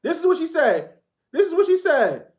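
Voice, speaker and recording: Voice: very high-pitched, big pitch swings, normal speed, a little mellow. A heated political reaction rant from a commentator who talks bluntly and keeps circling back to the same points. The speech is loose and slangy, with "bro" thrown at the audience again and again. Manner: blunt, repetitive, slangy, addresses viewers as bro.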